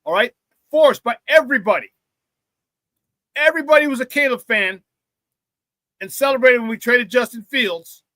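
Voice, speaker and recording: A man hosts a live sports talk stream, high-pitched and bright, talking bluntly and laughing at his own jokes. He is close to the mic in a dry room with no echo. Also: lively intonation, normal speed, pauses often. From Chicago area.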